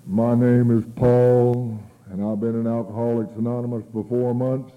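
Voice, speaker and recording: A man quoting a weary fellow newcomer in a slow, heavy drawl, on a tinny, phone-like old tape. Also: mid-range voice, level tone, natural voice.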